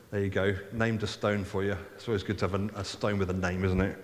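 In a large hall, a preacher reads a Bible passage fast and with a flat delivery, his voice fairly low and barely pausing. He stops often to add casual, conversational comments on the text.

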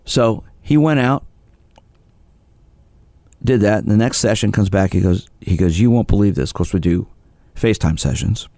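A man's voice: lowish voice, animated, normal speed, dark tone, no echo. A middle-aged man hosting a sports psychology radio show, telling client stories in a loose, conversational way with many restarts. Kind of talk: radio talk show monologue.

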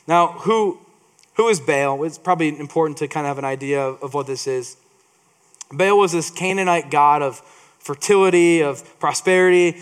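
A man preaching a sermon, reading scripture and adding playful asides with frequent restarts. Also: fairly high pitch.

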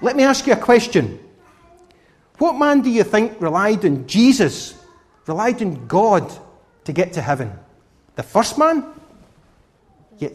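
A man's voice: sits high, measured pace, pauses often. A man preaching a children's sermon who asks the children questions and coaxes answers from them. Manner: animated, questioning the children directly. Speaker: preacher giving a children's talk.

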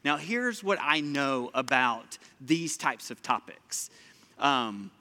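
A man preaching a sermon from a church stage in a lively, conversational way, talking straight to the congregation. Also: medium pitch, slow. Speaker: pastor. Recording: long hall reverb.

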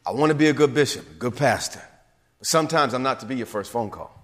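Man, bishop giving a sermon, emphatic, lively pitch, long church reverb. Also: fast talker. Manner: emphatic preaching, rising to shouts and dropping to whispers. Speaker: bishop and pastor. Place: church sanctuary.

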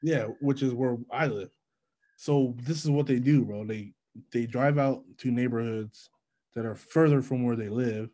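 A man's voice: mid-range voice, normal speed, poor audio. Young man telling a profane story. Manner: profane, animated storytelling with slang. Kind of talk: casual chat.

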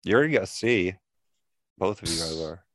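A man's voice: low-pitched, expressive, a little fast, a bit bright. A man co-hosting a podcast who throws in short, dry quips during a casual comedic chat. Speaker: podcast co-host.

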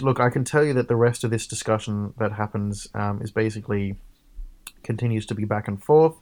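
A man's voice: fairly low pitch, a little fast, a little mellow. A man giving casual commentary, thinking aloud with many ums and restarts. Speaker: co-host reacting to a debate.

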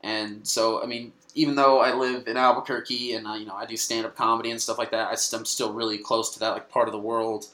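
A man's voice: on the low side, level tone, quick pace, hardly any pauses, pushed and bright, roomy sound, low-quality recording. A young man, a comedian guest, telling a story casually, swearing often and restarting his sentences. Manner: swears a lot, many restarts.

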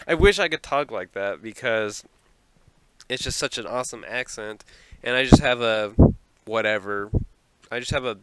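A man's voice: lowish voice, background noise. Rambling, self-deprecating male podcaster. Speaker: podcast host. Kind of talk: solo podcast monologue. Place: small closet.

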